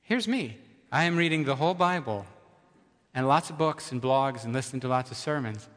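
A man's voice: mid-range voice, animated, fairly quick, fairly bright tone, big-room sound. A male pastor preaching a sermon in a conversational way, repeating key phrases for emphasis and asking the audience questions.

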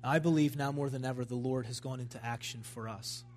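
A man's voice: medium pitch, steady tone, fairly quick, a little mellow, slight background noise. A man preaching a sermon at a church service, in a fervent, emphatic style that builds in intensity.

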